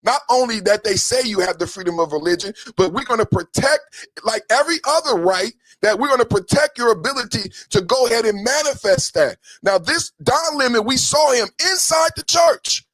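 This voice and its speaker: Emphatic high-voiced male stream host. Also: animated, fairly quick, dry recording. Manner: emphatic, repetitive, swings between soft and shouting. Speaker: podcast host. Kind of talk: live-stream commentary over clips.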